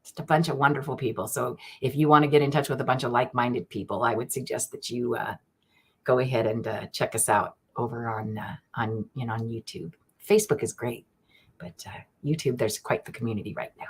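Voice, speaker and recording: A woman runs a live psychic reading, greeting viewers by name and chatting with bubbly excitement. Her voice sits low and a little husky. Now and then she slows into solemn, measured invocations. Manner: slow solemn invocation prayers. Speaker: online psychic reader. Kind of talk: live-stream divination chat.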